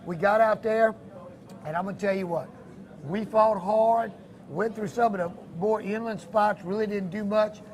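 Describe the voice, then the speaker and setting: A man's voice: sits high, steady tone, normal speed. A man, telling a fishing trip story in a folksy, chatty way on a local fishing show. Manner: folksy, storytelling, laughs easily. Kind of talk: casual chat about a fishing trip.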